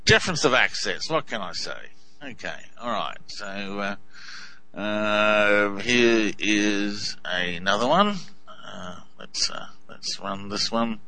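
A man's voice: fairly low pitch, expressive, takes it slowly, bright, forceful tone, no echo, faint music behind, low-quality recording. A man with an Australian accent casually commenting on clips, hesitant and full of ums and uhs. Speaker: video host.

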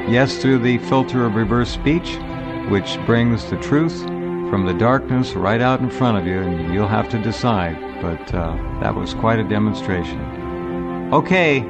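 Deep-voiced male talk radio host. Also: animated, unhurried, over loud music.

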